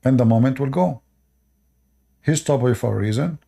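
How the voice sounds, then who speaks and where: Gravelly-voiced Arabic-accented man lecturing. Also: medium pitch, normal speed, dark tone. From Middle East. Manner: lecturing, repeats short commands, broken grammar. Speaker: live stream host. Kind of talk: casual live stream monologue.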